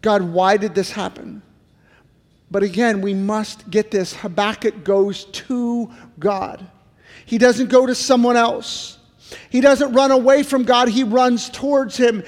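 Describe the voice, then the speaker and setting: A man's voice: high voice, steady tone, slow pace, long reverb tail. A middle-aged male pastor giving an earnest sermon, full of repeated pleading questions. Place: church sanctuary.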